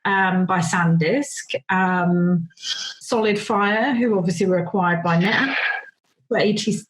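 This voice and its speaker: A woman's voice: mid-range voice, measured pace, rough recording. A woman hosting a podcast interview in a chatty, rambling way, with fillers and frequent laughter. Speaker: podcast host. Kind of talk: casual podcast chat.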